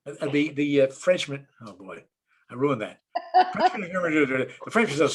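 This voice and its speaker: A rabbi and comedian talking casually to an online audience, trading jokes and stories. His voice is slightly husky, and his delivery stays loose, with plenty of ums and false starts. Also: mid-range voice, moderate pace. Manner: relaxed storyteller, many fillers and restarts. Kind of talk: online talk telling jokes.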